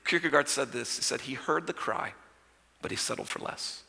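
Guy preaching a sermon, gravelly husky voice, really bright tone, big church reverb. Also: medium pitch, moderate pace. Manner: conversational preaching, swinging from loud storytelling to hushed intimacy. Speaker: pastor. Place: church sanctuary. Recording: church sanctuary with long reverb.

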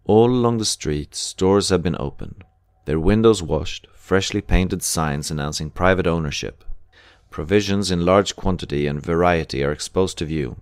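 A man reading a memoir aloud as an audiobook narrator, in a measured, unhurried way. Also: low-pitched, clean tone, no room sound, studio quality. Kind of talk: scripted narration.

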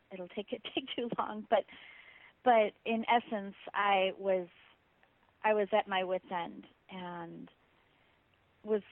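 A middle-aged woman, an interview guest and physician, telling her personal story candidly and reflectively, with soft laughs now and then. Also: medium pitch. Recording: tinny phone-like line.

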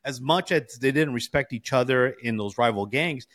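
A man in his forties from California, co-hosting a casual chat. He tells stories in a slangy, animated way, full of "bro" and "you know". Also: mid-range voice, moderate pace. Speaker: podcast co-host.

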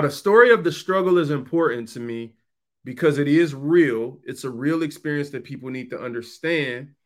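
A man's voice: on the high side, fairly bright tone. Emphatic slangy male podcast host. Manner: talks to listeners, repeating for stress. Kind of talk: conversational monologue.

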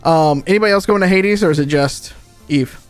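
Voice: mid-range voice, brisk, clear, resonant tone, dry recording, soft background music. A game master narrating a tabletop game, loose and rambling with lots of fillers.

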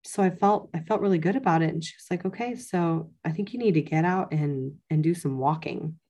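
A woman's voice: sits low, brisk, warm tone. A woman in her thirties, a podcast guest casually telling her own birth story and quoting the people around her. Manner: conversational, many "like" fillers, quotes others in her story.

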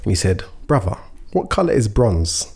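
A man's voice: lowish voice, normal speed, husky. A man chatting casually, telling a funny story and acting out what people said. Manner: animated, laughing storyteller who acts out quotes.

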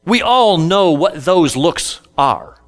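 A male pastor preaches a sermon slowly and deliberately, his voice sitting a bit higher than most men's. He tells scripture stories in casual everyday speech, acting out the characters with animation.

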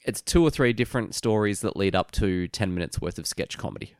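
A man's voice: on the low side, lively intonation, brisk, no room sound, clean studio sound. A man co-hosting a podcast in casual chat, laid-back and understated, sounding congested and nasal. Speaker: podcast co-host.

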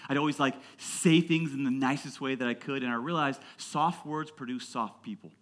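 A man in his thirties preaching a sermon to his church, emphatic and building to loud passionate peaks, calling on the congregation to answer back. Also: medium pitch, moderate pace. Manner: call-and-response with the congregation. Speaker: pastor.

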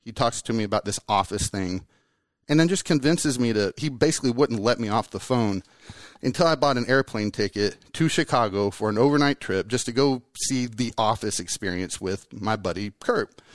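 A male podcast host with lively, joking energy who rambles freely between stories. His voice sits at an ordinary pitch and is recorded close and dry, with no room sound around it. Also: normal speed, no echo. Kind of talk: casual podcast chat.

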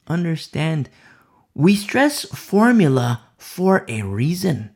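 A man's voice: fairly high pitch, very animated, slow pace, vocal fry, pauses often, breathy edge. A man preaching a sermon. He speaks straight to the listener and repeats key phrases for emphasis. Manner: addresses listener directly and personally.

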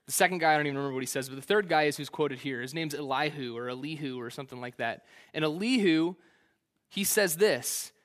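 A male preacher with a somewhat high-pitched voice delivers a sermon in a casual, conversational way. He retells the text in relaxed, slangy everyday words and drops playful asides as he goes. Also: fast.

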